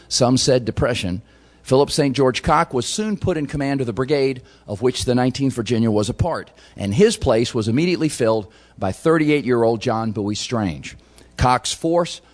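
A man's voice: mid-range voice, darkish tone. Man giving a storytelling history lecture. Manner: storytelling with wry asides.

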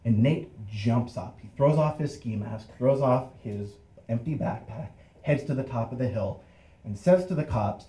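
A man's voice: medium pitch, moderate pace. A young adult man telling a first-person story, acting out the voices of the people in it. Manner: animated, acts out voices in the story and laughs through it. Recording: roomy echo.

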